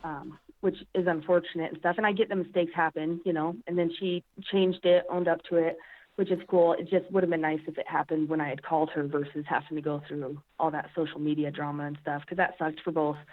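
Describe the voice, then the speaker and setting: A woman athlete telling a story in casual interview chat, emotional and animated, with lots of fillers. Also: sits low, brisk. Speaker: podcast guest, strongwoman athlete. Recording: phone-line quality.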